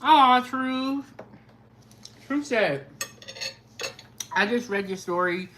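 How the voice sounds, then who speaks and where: Slow, chatty woman eating on stream. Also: a little high, slight background noise. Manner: relaxed, chatty, savoring food with hums. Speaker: food vlogger. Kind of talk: casual mukbang livestream chat.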